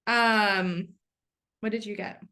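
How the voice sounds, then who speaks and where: A bubbly woman hosting a podcast, gushing with excitement and swearing offhandedly. Her voice sits in a middle register, and her talk is loose and conversational. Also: mid-range voice, slow. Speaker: podcast host. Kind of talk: casual chat.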